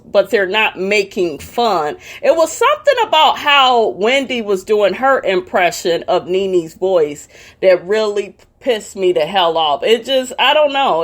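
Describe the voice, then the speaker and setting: Sassy, blunt woman ranting. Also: mid-range voice. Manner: sassy, blunt, cursing freely. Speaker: commentary vlogger. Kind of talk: heated profane commentary rant.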